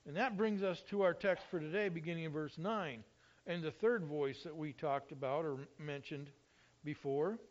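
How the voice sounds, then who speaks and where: A high-pitched male pastor delivering a sermon, his voice swelling with emphasis whenever he quotes scripture. The recording is muffled and lo-fi, with a dull top end. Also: moderate pace. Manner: expressive, rises loudly when quoting scripture.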